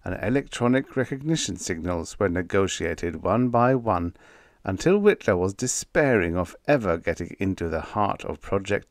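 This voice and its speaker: Low-voiced man narrating with lively pitch. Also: no room sound, clean studio sound. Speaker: audiobook narrator. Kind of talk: scripted narration.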